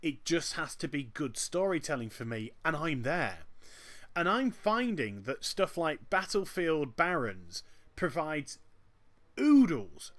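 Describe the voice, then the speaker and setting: A man giving chatty, joking commentary over a video game. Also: fairly high pitch. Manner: animated and chatty, with quick jokes. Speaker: gameplay commentator. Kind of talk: gameplay commentary.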